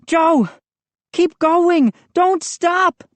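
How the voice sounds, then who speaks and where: A woman voicing a panicked young boy urgently shouting for help. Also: extremely high pitch, drawn-out words, dry recording, voice pushed up, heavily acted.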